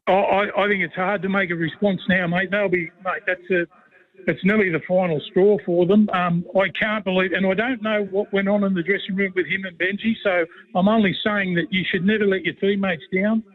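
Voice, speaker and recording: A man's voice: sits high, fairly even intonation, fairly quick. A middle-aged Australian man, a former player turned commentator, chatting on the radio and telling rambling, matey yarns. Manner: rambling, matey, fond of a yarn. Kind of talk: casual radio chat. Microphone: phone call. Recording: tinny phone line.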